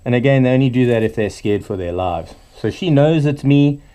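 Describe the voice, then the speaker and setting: A middle-aged man, a reptile keeper, explaining snake care in a relaxed, casual way beside a python enclosure. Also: mid-range voice, brisk, clear, resonant tone. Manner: relaxed, talks softly to the snake.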